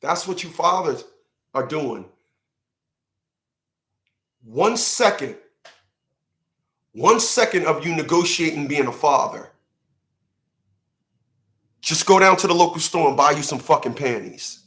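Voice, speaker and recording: A man with a bright, slightly high voice delivers an emphatic opinion monologue and acts out mock conversations. He laughs at his own jokes along the way. The sound bounces around an echoey room. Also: animated, slow pace, long pauses. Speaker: commentary show host. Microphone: livestream setup.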